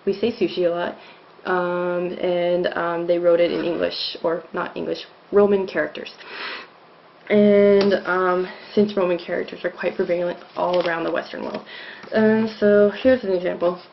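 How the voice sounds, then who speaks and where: A woman's voice: on the low side, level tone, moderate pace, gravelly, slight background noise. A woman giving a casual video lesson, explaining with many ums and restarts, recorded as a dull lo-fi home video. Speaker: language teacher.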